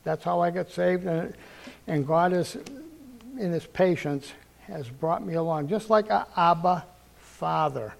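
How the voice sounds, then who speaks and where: An older man preaching a testimony in a fairly high voice with a gravelly edge. He tells his story earnestly, repeats phrases for weight and acts out the lines he quotes. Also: measured pace. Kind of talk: sermon testimony.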